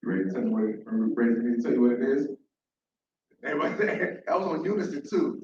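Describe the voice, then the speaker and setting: A man tells a story live, animated and repeating his phrases as he engages the crowd. His voice sits high. He is heard from afar in a big echoing room, with a dull sound and faint room noise. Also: brisk. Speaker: storyteller at an open mic. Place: large room at a library event. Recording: echoey, dull, from far off.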